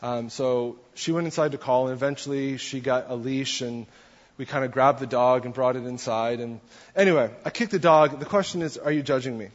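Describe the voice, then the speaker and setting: A man's voice: medium pitch, a little fast. A man giving a conversational sermon as a pastor, putting questions to his congregation. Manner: conversational, asks the audience questions. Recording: dull long-reverb church hall.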